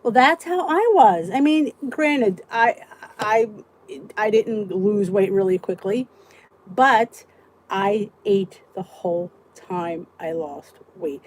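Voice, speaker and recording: A woman's voice: mid-range voice, expressive, slow pace, slight background noise, low-quality recording. A woman in her fifties hosting a casual live support chat, ranting and talking straight to her viewers, greeting them by name. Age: 50s.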